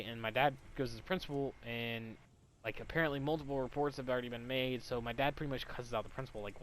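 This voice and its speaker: A man's voice: mid-range voice, steady tone, quick pace, slight background noise. Profane rambling young man. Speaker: storyteller. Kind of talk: casual storytime monologue.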